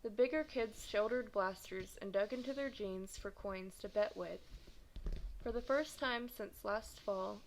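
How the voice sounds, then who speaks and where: Young woman reading aloud, gravelly voice. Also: medium pitch, measured pace, slight background noise, low-quality recording. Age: 20s. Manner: steady reading with occasional stumbles and self-corrections. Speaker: reader of a children's novel. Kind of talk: storybook read-aloud.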